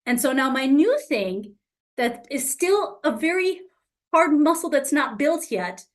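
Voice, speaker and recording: A woman's voice: sits high, measured pace. A woman coach giving a casual teaching talk to an online group. She speaks frankly, swears freely and acts out the exchanges she describes. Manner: lively, acts out quoted exchanges.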